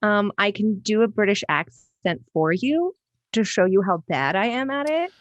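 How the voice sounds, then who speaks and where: A woman in her thirties, a guest on a comedy podcast, talking in a deadpan, matter-of-fact way. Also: medium pitch, normal speed, no echo, highs cut off. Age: 30s.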